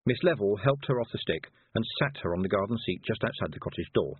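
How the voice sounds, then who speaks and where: A man reading a storybook aloud in an expressive way, giving the characters their own voices. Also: lowish voice, fast, breathy edge, no echo. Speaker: audiobook narrator. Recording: dry, tinny phone-like sound.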